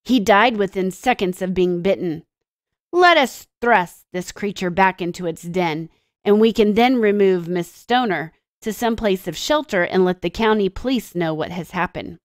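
A woman's voice: mid-range voice, lively intonation, normal speed, no echo, studio quality, natural voice. A woman reading aloud as a grave, commanding male detective who speaks in urgent, clipped pronouncements.

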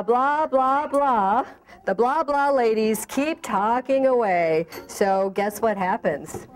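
A woman leading a children's storytime, reading a picture book aloud and asking the children questions along the way. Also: medium pitch. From El Paso, Texas. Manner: animated, asks children questions. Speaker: library director reading at storytime.

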